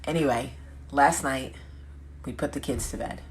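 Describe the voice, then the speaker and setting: A woman hosting a casual vlog chat, telling stories with quick asides and self-corrections. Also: a bass voice, a little hiss or hum. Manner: chatty storytelling with quick asides; lively, laughing, self-correcting. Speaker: vlog host.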